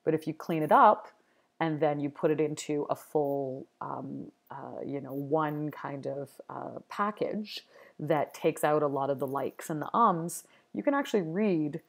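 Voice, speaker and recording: A woman's voice: deep voice, a little slow, vocal fry. A woman giving a recorded university video lecture, thoughtful and explanatory, with frequent ums and restarts.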